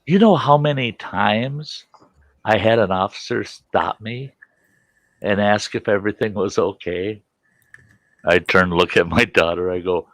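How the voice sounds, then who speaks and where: A man in his sixties in casual storytelling, animated and acting out voices, swearing freely. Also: fairly low pitch, unhurried, no room sound. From Wisconsin. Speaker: vlogger.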